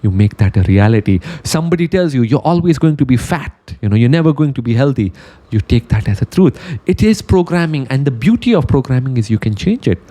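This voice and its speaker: Man, motivational speaker, storytelling talk, warm mellow voice, animated. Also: mid-range voice, fast. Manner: animated storyteller, acts out quotes.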